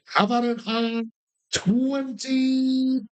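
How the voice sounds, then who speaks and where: A man calling bingo numbers, drawing each call out slowly and tossing in quick, playful joking asides. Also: extremely high pitch, little pitch movement, lo-fi sound. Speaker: bingo caller.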